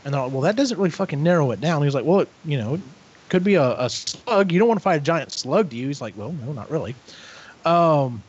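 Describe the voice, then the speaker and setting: A man co-hosting a casual podcast, retelling a story with lively acted-out voices and frequent swearing. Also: on the high side, quick pace, husky. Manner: animated retelling, acts out characters, swears freely. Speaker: podcast co-host. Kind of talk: casual book recap chat. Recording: dull lo-fi audio.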